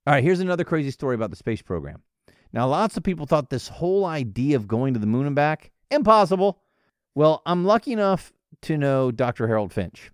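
Playful solo podcast host, man; animated pitch, dry studio sound. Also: fairly quick, dry recording. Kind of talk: casual solo podcast monologue.

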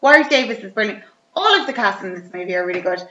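A woman chatting casually, retelling a film's plot with animated, sweary humour and acting out the characters. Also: medium pitch, fast talker. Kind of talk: casual chat. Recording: roomy, slightly dull recording.

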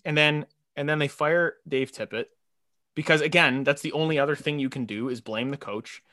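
A young man co-hosting a casual sports podcast, animated, laughing often and mimicking quotes. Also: on the high side, normal speed, dry recording, clean studio sound. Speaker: podcast co-host.

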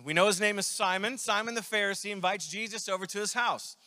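High-voiced pastor with a lilt. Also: male voice, fast, bright, forceful tone. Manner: conversational, self-deprecating, rambling asides. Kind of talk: sermon. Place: church sanctuary. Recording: long reverb of a church hall.

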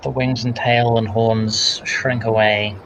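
A woman's voice: extremely low pitch, flat delivery, slow, a little hiss or hum, low-quality recording. A woman player in a tabletop game who describes her character's actions in a drawling way. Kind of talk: casual tabletop game chat.

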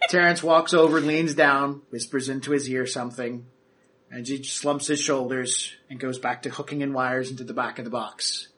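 Bright-voiced male game master. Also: medium pitch, steady tone. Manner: casual, halting, many fillers. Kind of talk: narrating a tabletop game.

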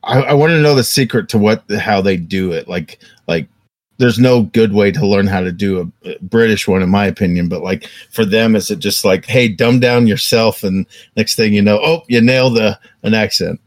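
A man's voice: on the low side, moderate pace, dry recording. A man co-hosting a podcast in casual chat, easygoing and jokey. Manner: easygoing, jokey, drops into mock accents. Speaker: podcast co-host.

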